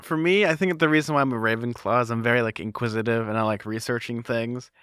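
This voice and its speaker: Brief: male podcast co-host, chatty, smooth, dry close sound. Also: mid-range voice, fast talker, a bit bright, no echo. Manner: filler-heavy, chatty with lots of "like". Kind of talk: casual chat.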